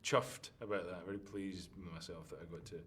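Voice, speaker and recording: A man's voice: low-pitched, brisk, slight background noise. A middle-aged Scottish man from the northeast of Scotland, an actor chatting in a casual interview and acting out quotes as he tells his stories. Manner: animated storyteller, acts out quotes.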